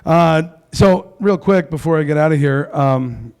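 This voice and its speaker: A man's voice: on the high side, unhurried, creaky, a little mellow, clean tone. A man doing a stand-up comedy set on a club stage into a handheld mic, brash and crude with self-mocking punchlines.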